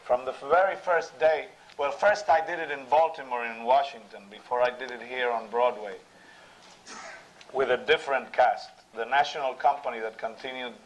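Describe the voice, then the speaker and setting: A man's voice: medium pitch, steady tone, moderate pace, dull audio, slight background noise. Hesitant man answering a question. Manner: brief, hesitant, repeating himself. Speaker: actor on a panel.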